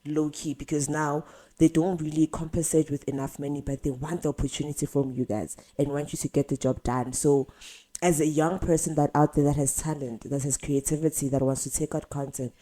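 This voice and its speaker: A woman's voice: sits low, steady tone, brisk, warm tone. A woman hosting a casual podcast, asking long, rambling questions. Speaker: podcast host.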